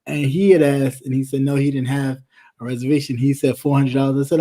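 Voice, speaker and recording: A man in casual chat, telling a story with lively acted-out voices. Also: mid-range voice, fast. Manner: animated storyteller, acts out quoted voices. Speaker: co-host.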